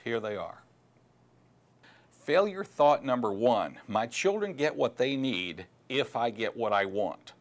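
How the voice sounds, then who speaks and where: A man giving earnest, emphatic advice to separated parents, acting out their thoughts in quotes and pausing on fillers. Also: mid-range voice. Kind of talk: direct-to-camera advice talk.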